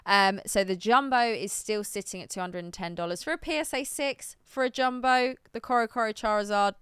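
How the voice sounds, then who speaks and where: A woman co-hosting a live stream in a relaxed, chatty way, often pausing on "um" as she thinks aloud. Her voice is very smooth and clear. The sound is dry and close, with no room around it. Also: mid-range voice, dry recording. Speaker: stream co-host. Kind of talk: casual live-stream chat.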